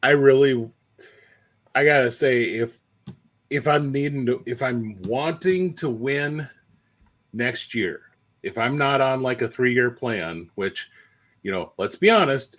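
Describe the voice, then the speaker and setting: A man's voice: medium pitch, measured pace, a bit bright. Man, podcast co-host, talkative analysis, hedging, mid-range voice. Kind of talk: casual sports analysis.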